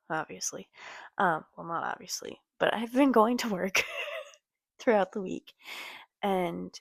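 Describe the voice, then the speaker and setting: A young woman talking casually to her camera late at night, halting with many ums and sighs. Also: lowish voice, gravelly, no echo. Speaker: vlogger. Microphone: computer or phone camera.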